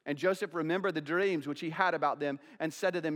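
A man with a high voice preaches to his congregation, asking questions and playing both sides of the exchanges he tells. His words ring out with a long reverb from the church sanctuary. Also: fairly quick, a bit bright. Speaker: pastor. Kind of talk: sermon.

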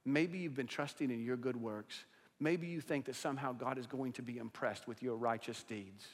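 A man's voice: medium pitch, normal speed. Man preaching emphatically in a reverberant hall. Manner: emphatic preaching, swinging from loud declarations to hushed asides. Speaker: pastor. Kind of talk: sermon. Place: church sanctuary with a congregation.

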